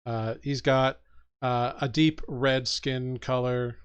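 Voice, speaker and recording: A man's voice: medium pitch, steady tone, slow, clean tone. A man narrating as game master of a tabletop game, descriptive with many fillers.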